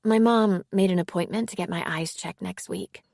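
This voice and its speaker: A woman voicing a seventeen-year-old girl, speaking softly and lightly. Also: on the low side, normal speed, gravelly, no room sound, studio quality. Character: teenage girl with a headache.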